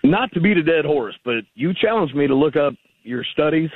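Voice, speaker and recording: A man's voice: a little high, animated, normal speed, no room sound. A man calling in to a radio show, making a rambling, argumentative case with many fillers. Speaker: caller. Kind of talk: call-in radio conversation. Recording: tinny phone line.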